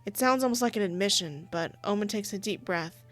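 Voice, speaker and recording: A woman's voice: mid-range voice, fairly quick, fairly bright tone, soft background music. A woman playing a visual novel, reading its narration aloud in a chatty, giggly way with casual asides. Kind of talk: reading game narration with live commentary.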